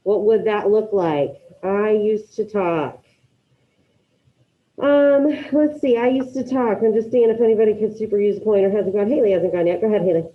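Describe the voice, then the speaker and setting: A woman's voice: medium pitch, quick pace, few pauses. A woman teaching a Spanish class online, calling on students by name and encouraging their answers. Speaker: high school Spanish teacher. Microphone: video call. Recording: dull lo-fi video call audio.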